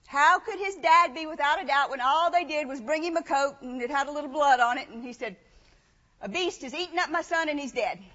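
High-pitched woman preacher, chatty animated sermon, long hall reverb. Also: a little fast, lo-fi sound. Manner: conversational, rhetorical questions, animated. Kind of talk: sermon with scripture reading.

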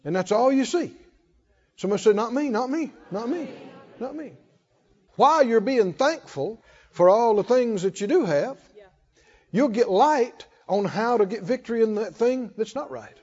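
A man's voice: sits high, animated, moderate pace, mellow. A man preaching a sermon in a folksy way, calling out to the congregation. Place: church hall. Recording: muffled hall reverb.

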